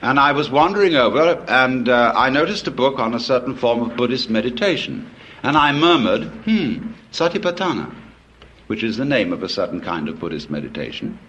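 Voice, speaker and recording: A man's voice: mid-range voice, expressive, fairly quick, a bit bright. A man giving a public lecture, telling stories in a wry, discursive way with frequent asides.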